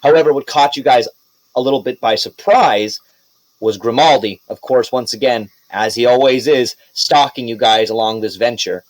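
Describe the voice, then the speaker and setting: A man's voice: mid-range voice, moderate pace, dry recording, rough recording. A man running a tabletop game as game master, chatting and recapping with laughs and loose asides.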